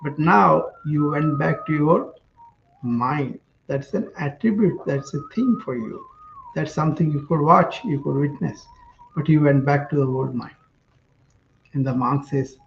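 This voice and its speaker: Gravelly man telling a reflective story. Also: on the high side, wildly swooping pitch, unhurried, reverberant, muffled recording, slight background noise. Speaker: wellness tips speaker. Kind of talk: casual spoken storytelling.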